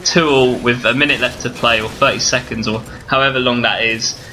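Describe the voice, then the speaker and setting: Breathless excitable male gameplay commentator. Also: medium pitch, a little fast, a little hiss or hum. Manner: breathless, excitable, addresses viewers as guys. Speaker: gaming video commentator.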